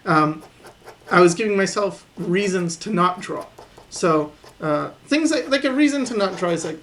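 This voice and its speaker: A man recording a voice-over as he sketches, calmly thinking aloud about his drawing habits and encouraging viewers to keep practicing. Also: sits high, normal speed. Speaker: artist teaching drawing. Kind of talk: voice-over commentary while sketching.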